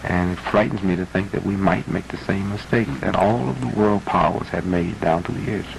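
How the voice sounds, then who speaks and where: A man in his thirties makes an impassioned argument in an archival interview, speaking at normal speed in a low, gravelly voice that climbs to a preacherly intensity. The archival broadcast audio carries faint noise.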